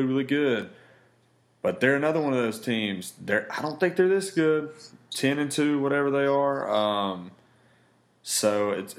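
Raspy-voiced man hosting a betting podcast. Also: lowish voice. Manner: loose, joking sign-off chatter. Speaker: podcast host. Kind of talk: casual sports betting chat.

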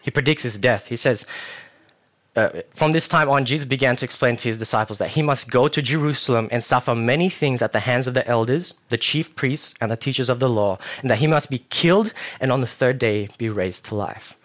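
A young man giving a sermon in a church, casual and animated, acting out quotes as he tells the story. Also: mid-range voice, fairly quick. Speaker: preacher.

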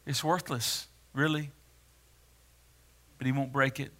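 A male pastor preaching a sermon in a dramatic way, swinging from hushed words to loud ones. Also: medium pitch, flat delivery, takes it slowly.

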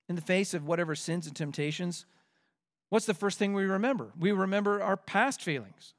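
A pastor delivers a sermon in a fairly high voice for a man. He keeps asking his listeners questions and leans hard into his key points with mounting force. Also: lively intonation, a little fast. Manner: rhetorical questions, rising to forceful emphasis.

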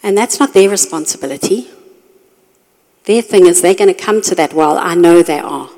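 A woman's voice: fairly low pitch, moderate pace. Woman preaching in a hall. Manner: storytelling, animated when reenacting her own reactions. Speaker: women's ministry speaker. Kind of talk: sermon. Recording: long reverb of a hall.

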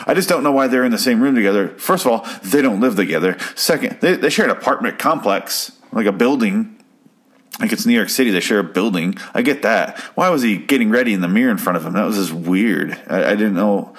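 A man casually recapping an old TV episode on a podcast, with wry, profane asides and frequent restarts. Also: fairly low pitch. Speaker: podcast host reviewing an episode.

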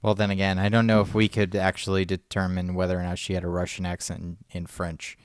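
A man co-hosting a casual chat, relaxed, with lots of fillers and backchannel murmurs. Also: sits low, fast, smooth, no echo, clean studio sound. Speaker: co-host.

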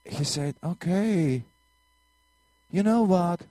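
Missionary preacher from Latvia, Russian accent, slightly high male voice, dry close sound, earnest testimony style. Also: takes it slowly, warm tone, no room sound. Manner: earnest storytelling with broken English and repeated words. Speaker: minister and missionary. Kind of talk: testimony sermon.

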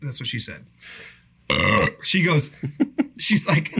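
A man's voice: mid-range voice, normal speed, pauses often, bright, forceful tone. A young man telling a rambling, profane work story in a casual podcast chat.

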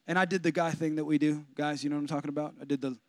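A man preaching a sermon as pastor, telling a comic story and swinging from low asides to loud preaching. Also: level tone, very fast, no room sound. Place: church.

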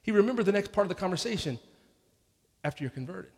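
A man preaches a sermon in a high, lifted voice, talking it through conversationally and voicing people's inner thoughts. He restarts phrases as he goes. The sound rings out with a long reverb from a church sanctuary. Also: animated, fast, creaky, darkish tone, breathy edge. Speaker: pastor.

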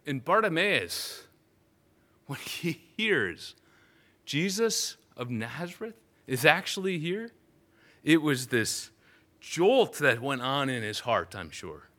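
A man's voice: a little high, sing-song, takes it slowly, pushed and bright. A man preaching a sermon, retelling a Bible story vividly and often restarting phrases.

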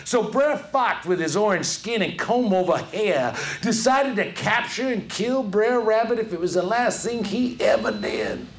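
High, lively theatrical male storyteller. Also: slight background noise. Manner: theatrical, drawling storyteller delivery. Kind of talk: satirical folktale narration. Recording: echoey room.

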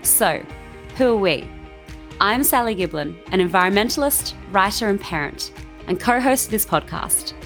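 A woman's voice: mid-range voice, expressive, moderate pace, a bit bright, faint music behind. Upbeat Australian woman podcast host. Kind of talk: scripted podcast intro and interviewing.

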